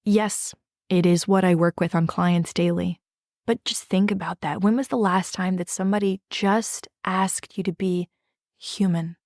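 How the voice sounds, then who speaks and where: A woman hosting a podcast, telling a personal story in an earnest, gentle way and guiding listeners through breathing and reflection. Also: fairly low pitch, no echo, clean studio sound. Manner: gentle, earnest, with guided breathing prompts and frequent "right?". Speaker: podcast host and drama therapist.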